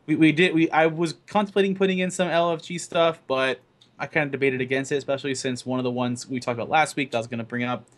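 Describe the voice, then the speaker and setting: A man's voice: mid-range voice, steady tone, fast talker. A young man co-hosting a casual gaming podcast, explaining things steadily and often restarting his words. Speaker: podcast co-host. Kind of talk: casual gaming news chat.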